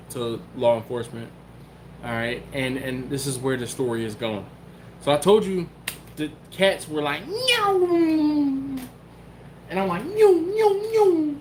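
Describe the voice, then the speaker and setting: In a medium-pitched voice with slight hiss or hum behind it, a man from the Philadelphia area narrates a story on his live stream. The YouTube host keeps it casual but animated, acting out both the dialogue and the cat's sounds.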